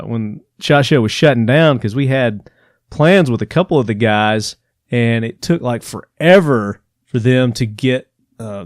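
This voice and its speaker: A man's voice: medium pitch, a little mellow, dry recording, clean studio sound. A man hosting a podcast, reading news aloud and mocking it with exasperated asides and laughs. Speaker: podcast host. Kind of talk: casual commentary reading news.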